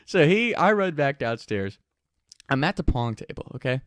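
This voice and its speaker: A man casually telling a story, animated and profane, often laughing as he talks. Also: fairly high pitch, moderate pace, very noisy.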